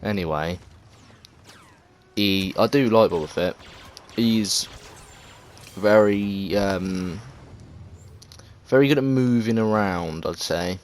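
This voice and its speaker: A man's voice: fairly low pitch, slow pace, long pauses, slight background noise. An English man giving casual, rambling gameplay commentary, full of fillers, restarts and swearing. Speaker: gaming video creator.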